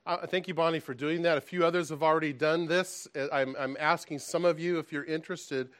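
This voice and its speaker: Relaxed joking pastor, man. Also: fairly high pitch, brisk, few pauses, no echo. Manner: relaxed, self-deprecating, joking. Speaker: pastor leading a church gathering. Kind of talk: casual sermon with a told joke.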